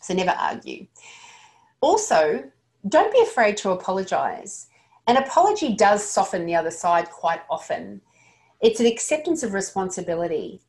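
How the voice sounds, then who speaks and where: A woman with a mid-range, sing-song voice and darkish tone speaks at a normal pace, giving an earnest instructional talk to dental staff. Her practical lesson includes some stumbles and restarted sentences.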